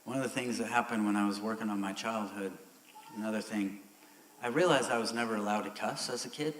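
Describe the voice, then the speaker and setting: A middle-aged man preaching a sermon as pastor, candid and growing loud and emphatic. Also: lowish voice, a little fast, slight background noise. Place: church sanctuary. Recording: echoey church hall.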